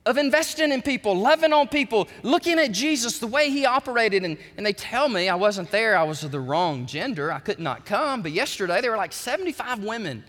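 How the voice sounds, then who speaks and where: A middle-aged man preaching a sermon in a church, folksy and animated, acting out the voices he quotes. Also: high voice, brisk, few pauses. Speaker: pastor. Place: church sanctuary. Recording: long hall reverb.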